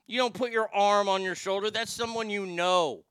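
A male host rants through profane, sarcastic commentary with plenty of heat. His voice is fairly high for a man, bright and crisp, and it sounds dry and close to the mic. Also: fairly even intonation, moderate pace, dry recording. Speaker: show host. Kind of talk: ranting commentary.

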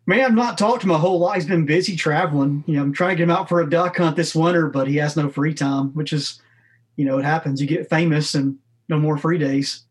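A man's voice: on the high side, fairly quick, slightly rough. A man in casual chat, easygoing and self-deprecating.

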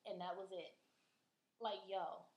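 Speaking slowly in a voice on the low side, a woman podcast host shares a personal story over casual chat. Her telling is frank, animated and full of swearing, with roomy echo in the recording.

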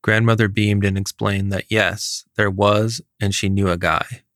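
A man narrates a fairy tale in a steady, even manner. His voice is low. It is recorded dry, with no room sound. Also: unhurried, no echo. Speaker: story reader.

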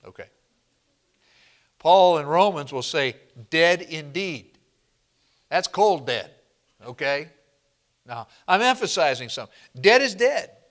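A man preaching a sermon to a congregation, slow and emphatic, often asking the room questions and answering them. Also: fairly high pitch, expressive. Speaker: pastor.

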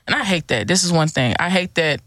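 A woman guest on a podcast, talking in a casual, animated and emphatic way and acting out the people she quotes. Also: lowish voice, fairly quick, no room sound, clean studio sound.

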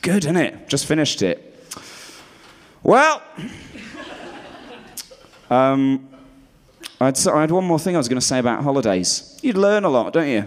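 A man doing a stand-up routine on stage, rambling and self-deprecating, often dropping into low muttered asides. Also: animated, fairly quick. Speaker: stand-up comedian.

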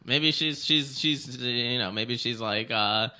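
A man appearing as a comedian guest on a podcast, talking casually and haltingly with many restarts. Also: medium pitch, pushed and bright, smooth. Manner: hesitant, halting, full of restarts.

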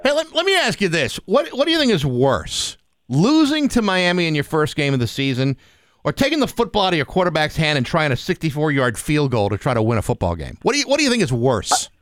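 Animated male radio co-host. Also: fairly high pitch, quick pace, no room sound, studio quality. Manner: repeats words, emphatic questions. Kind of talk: casual sports radio chat.

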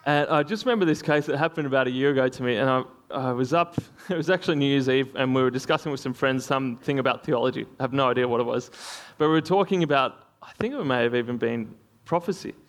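A man's voice: medium pitch, fast, few pauses. A man preaching a sermon in a conversational way, with frequent fillers and small laughs.

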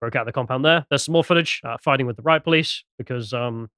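A man co-hosting a political podcast, presenting a news item in a quick, sardonic way and reading out posts with asides. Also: mid-range voice, bright, forceful tone, slight background noise. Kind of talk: casual political podcast chat.

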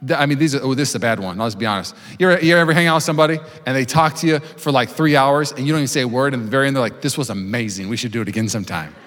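A man in his thirties preaching a sermon to a congregation, telling stories with acted-out voices and building to loud preaching. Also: mid-range voice, rapid-fire, few pauses. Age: 30s. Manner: storytelling, acts out voices, rising to loud preaching. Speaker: pastor. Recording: long hall reverb.

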